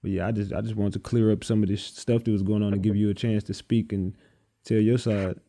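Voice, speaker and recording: A man's voice: fairly low pitch, flat delivery, fairly quick, gravelly, warm tone. A man interviewing a guest, asking blunt, probing questions in a casual way.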